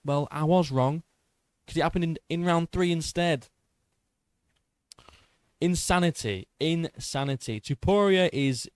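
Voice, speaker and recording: A young man recapping a fight in an excitable, boastful way, swearing and tripping over his words. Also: mid-range voice, no room sound, studio quality. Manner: boastful, excitable, swears a lot, stumbles and repeats. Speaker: MMA YouTuber.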